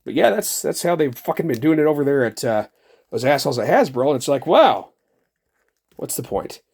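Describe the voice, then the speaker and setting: A man's voice: mid-range voice, sing-song, fairly quick, a little mellow, husky. A middle-aged man hosting a toy review, talking in a rambling, sarcastic and heavily profane way. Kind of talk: casual ranting review.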